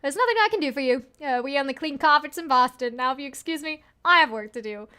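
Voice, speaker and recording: A woman voicing a brusque British man on the phone, in a put-on British accent, loud and teasing. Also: high-pitched, expressive, quick pace, pitched above the performer's own voice.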